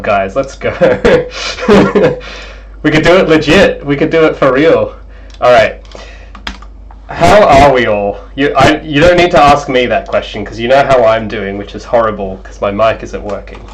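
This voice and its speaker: A young man streaming as a game developer, chatting casually and excitably, apologizing often, over a cheap gaming headset mic. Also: medium pitch, low-quality recording. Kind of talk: casual livestream chat.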